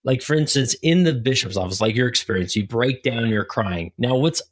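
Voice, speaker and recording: A man with a husky, slightly breathy voice hosts a relaxed podcast conversation. He speaks at a middling pitch and gets animated, slipping into little acted-out quotes as he goes. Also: a little fast. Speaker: podcast host. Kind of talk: casual conversational interview.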